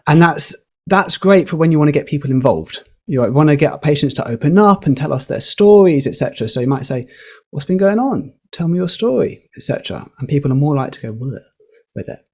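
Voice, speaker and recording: A man on a podcast, explaining communication skills in a lively, teacherly way with a few fillers. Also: on the high side, fast. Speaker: podcast guest, communication educator. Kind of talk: explaining, casual podcast chat.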